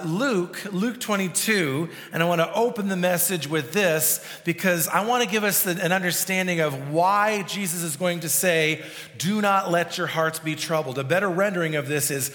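A man's voice: high voice, in a large hall. A male pastor preaching a sermon, with frequent restarts and fillers. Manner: prays softly, then preaches with restarts and fillers.

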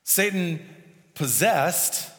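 A man's voice: high-pitched, expressive, extremely slow. Man preaching in a reverberant hall. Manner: prays softly, then preaches with restarts and fillers. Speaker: pastor. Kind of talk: sermon.

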